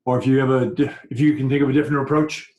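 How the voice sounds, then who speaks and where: A man's voice: medium pitch, flat delivery, very fast, darkish tone, dull audio, close to an everyday voice. A man voicing a male rebel mentor who gives orders over comms, in his own plain voice with fillers. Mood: directing. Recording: roomy echo.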